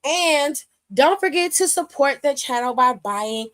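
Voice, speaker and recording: A high-voiced woman hosts a casual wrestling aftershow, sharing blunt opinions and swearing freely. She sounds loose and unscripted, talking straight to her viewers. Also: lively intonation, unhurried, fairly bright tone. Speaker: wrestling show host.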